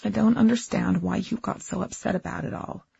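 A hushed, placating older gentleman, as a woman narrator voices him in a husky, gravelly tone. He keeps his voice low and gentle. The storybook recording is dull and dry. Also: steady tone, fairly quick, heavily acted. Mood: soothing. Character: older man, calm, soothing husband.

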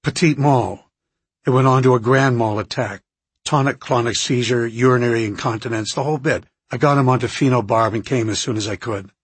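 A man doing a brisk, urgent doctor. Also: mid-range voice, slightly rough, no echo, close to an everyday voice. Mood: tense. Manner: quick, clipped orders.

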